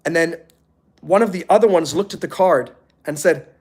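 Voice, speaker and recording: A middle-aged man on a motivational live stream, telling animated stories and acting out the people he quotes. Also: fairly high pitch, moderate pace, slightly rough.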